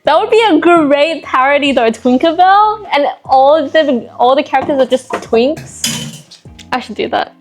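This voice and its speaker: High-voiced chatty woman cooking. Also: animated, a little slow, soft background music. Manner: chatty, self-mocking, talks to herself while cooking. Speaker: vlogger. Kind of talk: casual cooking vlog chat.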